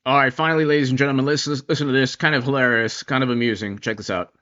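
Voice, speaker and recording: A man's voice: mid-range voice, fairly even intonation, very fast, fairly bright tone, clean tone, lo-fi sound. A man hosting a casual political commentary show, talking in a rambling way with many restarts and asides.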